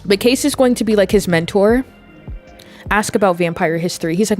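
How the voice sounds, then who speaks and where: A woman's voice: mid-range voice, fairly quick, a little mellow, faint music behind. A woman giving casual, amused commentary on her life-sim game, narrating what her characters do. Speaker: gameplay video creator.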